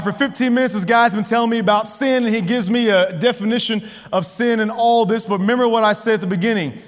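A man's voice: high-pitched, a bit bright. A man in his thirties preaching a sermon, chatty and personal, often checking in with the crowd by asking "right?". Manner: conversational, often asks the audience "right?". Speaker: pastor. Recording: long hall reverb.

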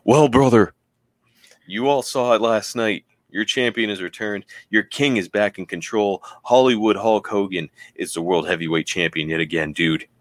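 A man's voice: lowish voice, fairly even intonation, normal speed, dry recording, voice pushed up, lightly acted. A man doing a brash, boastful wrestling champion.

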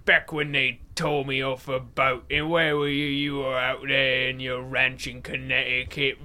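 Loud grumpy old aussie bloke, bright cutting voice, scolding and cursing, put on by a podcaster. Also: mid-range voice, flat delivery, unhurried. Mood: angry ranting. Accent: put-on Australian.

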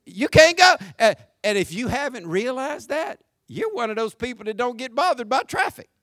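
A man preaching a sermon as pastor, folksy and joking, swinging from shouts down to quiet, low talk. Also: very animated, normal speed, dry recording, studio quality. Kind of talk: conversational sermon.

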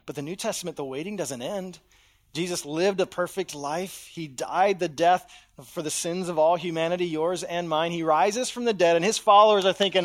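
A pastor delivers a sermon in a fairly high voice. He shifts often from near-whispers to loud, animated bursts and plays out the voices he quotes. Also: normal speed. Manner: dramatic, swings from hushed to loud, acts out voices in quotes.

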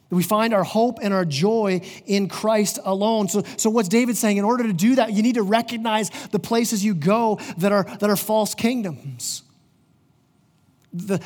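A middle-aged man preaching a sermon as pastor of his church, earnest, often restarting his words as he goes. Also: sits high. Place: church sanctuary. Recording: long hall reverb.

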